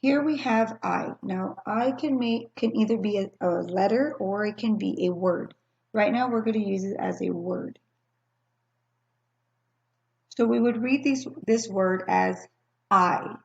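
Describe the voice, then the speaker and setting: A woman teacher leads young children through a recorded phonics lesson, speaking patiently and spelling out each sound. Her voice has a gravelly fry at mid pitch. It comes through a slightly dull, lo-fi computer microphone. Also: a little mellow. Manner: patient, slow and clearly spelled-out teaching with pauses for answers. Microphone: screen-recording computer mic.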